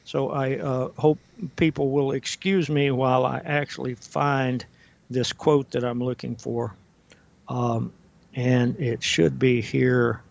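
An older man speaking as a guest historian on a talk radio show, deliberate and halting with frequent fillers, reading quotations slowly and carefully. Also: mid-range voice, flat delivery, creaky. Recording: dull, dry lo-fi audio.

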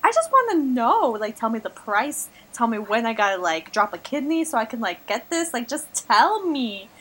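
Young woman podcast cohost, bright sharp voice, slangy and expressive. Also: on the high side, normal speed. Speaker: podcast co-host. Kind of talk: casual chat.

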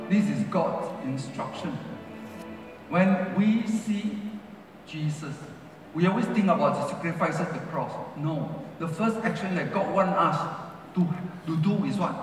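A man's voice: a little high, measured pace, soft background music. A man preaching a sermon as pastor in broken English, repeating phrases with rising and falling emphasis. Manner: preaching with non-native English grammar. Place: large church hall. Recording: echoey hall from far off.

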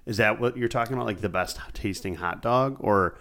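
A man co-hosts a podcast in easy, casual chat. He has a slightly low voice and fires off quick questions between laughs. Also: fairly bright tone. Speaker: podcast co-host.

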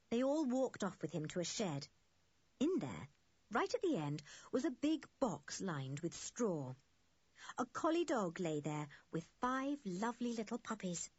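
Breathy woman narrating a children's story. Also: mid-range voice, big pitch swings, measured pace, dry recording. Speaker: audiobook narrator. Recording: dull, lo-fi dry recording.

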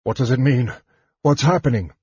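A man voicing a big, weary male warrior in an audiobook, his lines gruff and strained. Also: mid-range voice, normal speed, darkish tone, no echo, lo-fi sound. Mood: alarmed.

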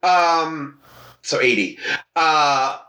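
A man's voice: on the high side, lively intonation, very slow, background noise. A man co-hosting a casual podcast, telling a story with crude language, acting out the voices of the people in it. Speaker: podcast co-host. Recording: roomy echo.

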